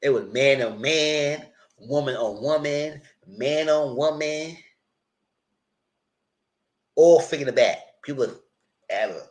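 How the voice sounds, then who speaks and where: A man hosting a casual live recap, retelling scenes in a loose, animated way and quoting the characters as he goes. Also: medium pitch, measured pace, pauses often. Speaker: TV recap host.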